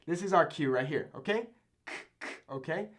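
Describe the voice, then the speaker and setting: A man's voice: fairly high pitch, normal speed. Young guy teaching spanish sounds, mexican spanish accent, bouncy voice that jumps all over, keeps saying okay?. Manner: animated, checks in with frequent "okay?". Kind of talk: casual video lesson.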